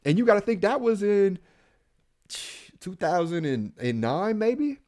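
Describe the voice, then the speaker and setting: A man's voice: sits high, measured pace. A man co-hosting a podcast, a police officer telling a personal story in casual talk and acting out the voices of the people in it. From Central Ohio. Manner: animated, acts out quoted dialogue.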